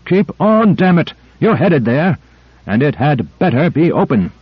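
A tense male crewman snaps in a raised, loud voice, as a male audiobook reader puts him on. The recording is dry, dull and lo-fi. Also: mid-range voice, fairly quick, no echo, natural voice. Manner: tense, snapping. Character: tense male crew member.

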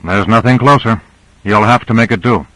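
Man reading a guarded suspicious agent, terse, low voice, dry studio sound. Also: normal speed, a bit bright, no room sound, natural voice, poor audio. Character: Grant, tense suspicious male agent. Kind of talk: audiobook character reading.

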